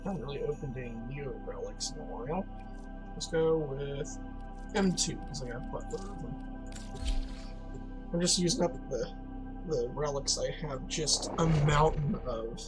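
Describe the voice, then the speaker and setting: A man's voice: on the high side, moderate pace, pauses often, music in the background, poor audio. A man giving casual, rambling let's-play commentary, joking, laughing and swearing now and then. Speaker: gaming commentator.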